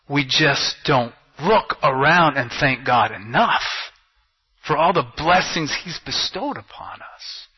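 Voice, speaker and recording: Husky-voiced male preacher. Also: fairly high pitch. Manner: preaching with rhetorical questions, swings from loud to hushed. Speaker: pastor. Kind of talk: sermon. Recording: dull lo-fi recording.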